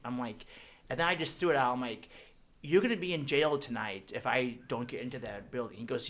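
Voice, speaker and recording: A man's voice: medium pitch, brisk. A young man, a podcast guest, telling jokey stories in casual chat. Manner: animated, jokey, puts on voices in anecdotes. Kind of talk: casual comedic storytelling.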